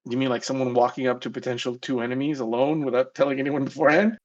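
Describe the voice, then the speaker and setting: A man's voice: mid-range voice, fairly even intonation, quick pace, muffled recording. A man, a player in a tabletop game, talking in a wry, chatty way in character.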